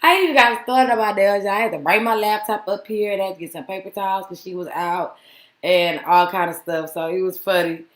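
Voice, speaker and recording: A woman's voice: mid-range voice, steady tone, a little fast. Woman vlogger, casual mocking commentary, laughs a lot, echoey room. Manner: laughs often, mocking, chatty. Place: home with dogs.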